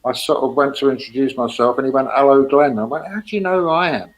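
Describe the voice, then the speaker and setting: Older guy, mid-pitched, rambling through stories with big jumps in pitch. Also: fast. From England. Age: 60s. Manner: rambling storyteller with lively swings in pitch. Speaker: guest. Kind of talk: casual anecdotes.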